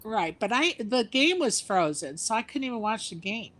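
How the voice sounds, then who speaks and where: Woman on a video call; relaxed chatter, brief back-channel replies. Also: a little high, moderate pace, slight background noise. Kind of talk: casual chat on a video call.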